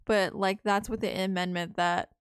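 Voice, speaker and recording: A woman's voice: medium pitch, steady tone, normal speed, clean tone, no echo, studio quality. A young woman chatting casually while she plays a game, rambling and swearing when she gets stuck. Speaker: streamer. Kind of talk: casual live-stream commentary while playing.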